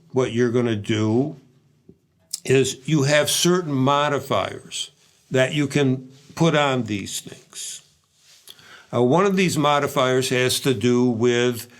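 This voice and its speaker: An older man gives a drum lesson in a relaxed, easygoing voice of middle pitch. He breaks off his explanations to scat the rhythms aloud. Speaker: drum teacher. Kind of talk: demonstrating drumming.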